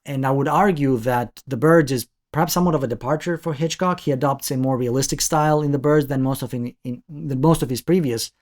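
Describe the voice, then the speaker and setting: A man's voice: medium pitch, a little fast, few pauses, a little mellow. A man giving an analytical video essay review of a classic film, talking thoughtfully with frequent restarts.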